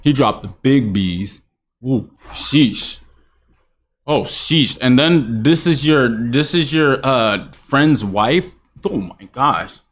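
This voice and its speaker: A man's voice: mid-range voice, lively intonation, slow. A young man hosting a reaction video, with blunt, rambling commentary and swearing.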